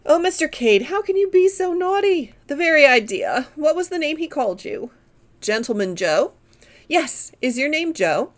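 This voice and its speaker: A woman's voice: high-pitched, sing-song, unhurried. Gushing young tourist girl, as a woman reads her. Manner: gushing, coquettish.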